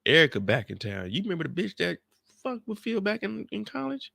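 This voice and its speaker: A rowdy tipsy woman, loud-mouthed and pushy, spoiling for a brawl, as a man puts her on for a comic video recap. Her voice rings bright and close, with no room around it. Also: high voice, wildly swooping pitch, a little fast, creaky, no echo, voice pushed up, exaggerated voice. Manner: brash, pushy, profane. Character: rowdy tipsy grown woman itching for a fight.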